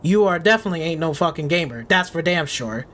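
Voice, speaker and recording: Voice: mid-range voice, lively intonation, fast, fairly bright tone. A game streamer ranting in casual live commentary, swearing freely and sarcastic, faking panic and often repeating words. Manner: profane, sarcastic, mock panic.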